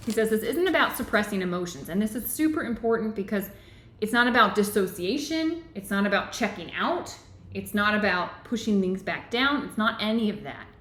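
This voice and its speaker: A woman's voice: medium pitch, lively intonation, brisk, fairly bright tone. Earnest woman teaching, echoey room. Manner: earnest, repeats "right?" often. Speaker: book club host and yoga teacher. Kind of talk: teaching a live online book club.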